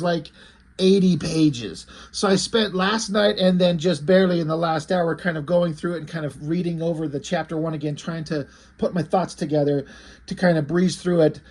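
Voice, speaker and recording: Man, husky voice, a bit high, rambling casual comic review, lots of fillers. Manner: rambling, conversational, with frequent fillers and restarts.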